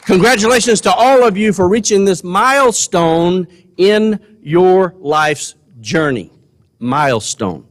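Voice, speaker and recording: A man's voice: high-pitched, animated, slow. Earnest older man speaking in a reverberant gym. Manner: folksy, earnest, repeats words for emphasis. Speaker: commencement speaker. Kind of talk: commencement speech. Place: large college gymnasium. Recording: long hall reverb.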